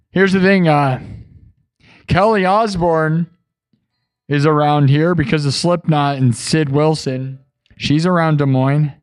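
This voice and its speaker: A man's voice: a little high, measured pace, a little mellow. A man hosting a live music stream, chatting with his viewers in a joking, rambling and playfully defensive way. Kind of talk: casual chat with live chat viewers. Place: home studio, live stream.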